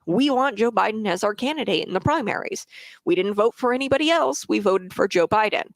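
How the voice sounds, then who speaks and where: A woman hosts a political commentary show, delivering a casual monologue full of fillers and restarts while answering viewer comments. Her medium-pitched voice is animated and fairly quick, with no echo.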